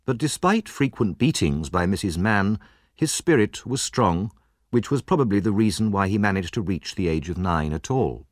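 A man narrating a classic story in a measured, expressive reading voice. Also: lowish voice, no room sound, clean studio sound.

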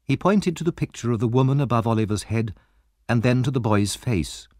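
A man narrating a story as an audiobook, with expressive, lively storytelling. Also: medium pitch, a little fast, no room sound, studio quality.

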